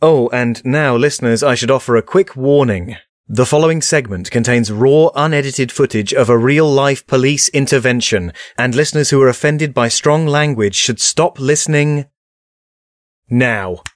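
A man's voice: mid-range voice, normal speed, dry recording, clean studio sound. A man hosting a comedy show with mock-formal, wry scripted narration.

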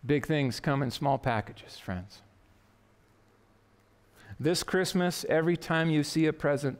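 A pastor preaching an earnest, emphatic sermon in a church. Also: male voice, fairly high pitch, moderate pace, pauses often, darkish tone, long reverb tail. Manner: earnest, emphatic preaching with quotes read aloud. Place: church sanctuary.

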